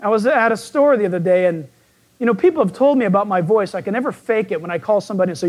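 A man with a croaky, frog-like voice, preaching a folksy sermon as a pastor who jokes and asks his listeners questions. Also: high-pitched, fast talker, a little mellow.

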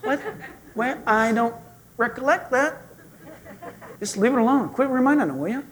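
A man's voice: very high voice, moderate pace, slight background noise. A man voicing God as an amiable male deity who has cheerfully forgotten the sin, casually puzzled and shrugging. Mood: puzzled, breezy.

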